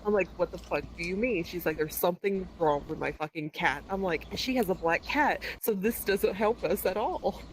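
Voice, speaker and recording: A woman guest on a podcast, telling a story in a casual, profane, animated way and quoting dialogue. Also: on the low side, moderate pace, hardly any pauses, slight background noise, rough recording.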